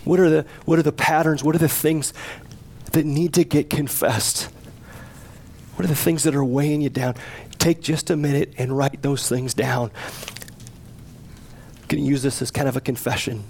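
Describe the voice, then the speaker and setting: A man pastoring a church service, earnest and gently pleading, with soft laughs as he leads people toward confession. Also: fairly high pitch, steady tone, normal speed, creaky, pauses often, slightly rough. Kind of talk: sermon. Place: church sanctuary.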